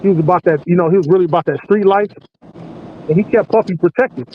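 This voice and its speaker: A man's voice: sits high, fast. A man in his forties, a podcast host, telling profane stories in a casual chat and laughing as he goes, recorded inside a parked vehicle. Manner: animated, profane, laughing storyteller. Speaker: podcast host working night security patrol. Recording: muffled lo-fi with faint hiss.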